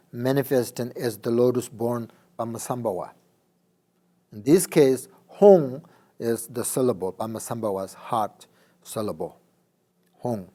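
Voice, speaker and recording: Male dharma teacher; slow, halting delivery, frequent check-ins. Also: medium pitch, warm tone. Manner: halting, many fillers, checks understanding. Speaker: Buddhist teacher.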